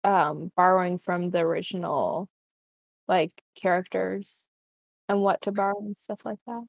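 A woman's voice: fairly low pitch, steady tone, unhurried, gravelly, no room sound. A young woman in casual chat, hesitant and tentative, with many fillers.

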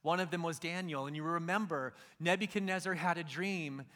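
Casual preacher, middle-aged man, high bright voice, slangy storyteller. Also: fairly quick. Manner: casual storytelling, acts out biblical figures in slang. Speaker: pastor. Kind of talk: sermon.

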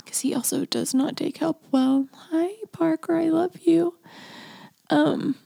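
A woman hosting a casual solo podcast, rambling and confessional with lots of "like", often sinking to a breathy near-whisper. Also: very high voice, steady tone, slow pace, dark tone, no room sound. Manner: rambling and confessional, heavy use of "like". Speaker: podcast host.

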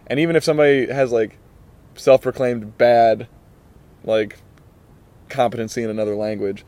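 A man's voice: mid-range voice, fairly even intonation, normal speed, darkish tone. Laid-back young man hosting a podcast. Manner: laid-back, rambling, says "man" a lot. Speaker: podcast host. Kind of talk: casual podcast interview.

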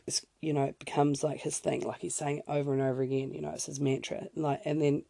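A woman's voice: low voice, flat delivery, fast, creaky, few pauses, dark tone, dry recording, studio quality. A young woman telling a story in a casual podcast, chatty and full of fillers and sidetracking asides. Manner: chatty, lots of fillers, self-interrupting asides. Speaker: podcast host.

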